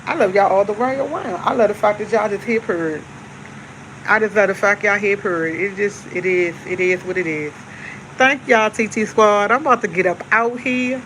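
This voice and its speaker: A woman's voice: medium pitch, normal speed, a bit bright, slight background noise, rough recording. A woman hosting a casual live stream, chatting easygoingly to her viewers and repeating herself. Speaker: livestream host. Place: at home with coffee.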